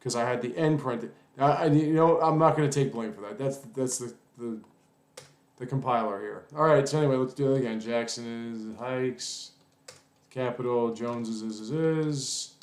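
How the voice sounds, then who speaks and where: A coding tutorial instructor types while teaching a casual lesson, rambling, apologizing and cursing at his own mistakes. His mid-range voice moves at normal speed and has a roomy sound.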